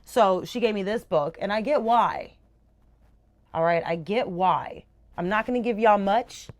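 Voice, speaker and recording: A young woman talking casually to camera as a book reviewer, animated and gushing, swearing freely. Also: medium pitch, a little slow. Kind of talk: casual chat.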